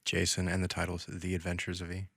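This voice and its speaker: A man co-hosting a podcast in casual chat, easygoing and agreeable, chiming in with quick yeses. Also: low-pitched, monotone, creaky, pushed and bright, husky, no room sound, studio quality. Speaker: podcast co-host.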